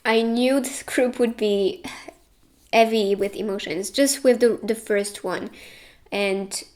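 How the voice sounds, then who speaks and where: A woman's voice: fairly high pitch, fairly even intonation, takes it slowly, a little mellow. A young woman giving a casual tarot reading, earnest and reassuring, getting tearful at times. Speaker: tarot reader.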